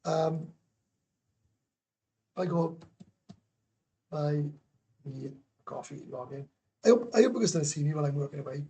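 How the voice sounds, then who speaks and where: A man's voice: fairly high pitch, unhurried, long pauses, warm tone, slightly rough. A Welsh man hosting a casual livestream, chatty and blunt, swearing freely as he talks to viewers. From Wales. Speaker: livestream host. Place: home in Thailand.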